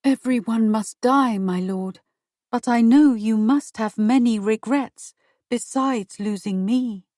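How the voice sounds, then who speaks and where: A young woman posing as a dead queen's ghost drawls her words in a hushed, wispy way, as a female reader puts her on. The voice sits fairly high, and she speaks slowly and deliberately. The sound is close and dry. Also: no room sound.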